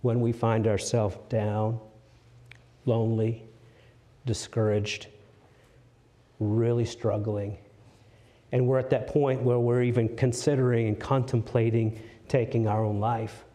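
A male preacher giving a sermon. He asks his listeners questions and drops to hushed tones for emphasis. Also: medium pitch, level tone, measured pace, long pauses. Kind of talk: sermon, Bible exposition.

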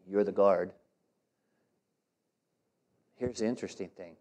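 A man's voice: low-pitched, takes it slowly, mellow. A man preaching a sermon, emphatic and conversational, putting direct questions to his congregation. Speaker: pastor.

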